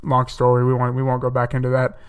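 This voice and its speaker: Flat-toned man, a bit off-mic. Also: medium pitch, quick pace, smooth, far from the mic. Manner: chatty, thinks aloud with fillers and self-corrections. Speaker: podcast host. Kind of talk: casual solo mock-draft commentary.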